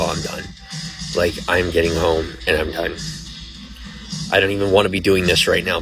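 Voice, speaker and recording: A man's voice: low-pitched, poor audio. A man on a late-night livestream, exhausted and emotional, talking in a weary, rambling way from a restaurant. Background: loud music from a nearby speaker.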